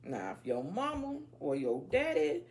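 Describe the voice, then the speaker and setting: A woman's voice: deep voice, wildly swooping pitch, a little slow, noisy background. A woman hosting a casual tarot reading, talking straight to her viewers in a blunt, slangy, profane way. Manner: talks straight to viewers as y'all. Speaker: tarot reader.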